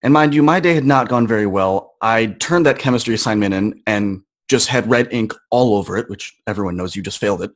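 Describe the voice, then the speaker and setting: A young man in his twenties, a podcast guest, earnestly telling a personal story in a relaxed, conversational way. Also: lowish voice, brisk, hardly any pauses. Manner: earnest, conversational, acts out quoted voices.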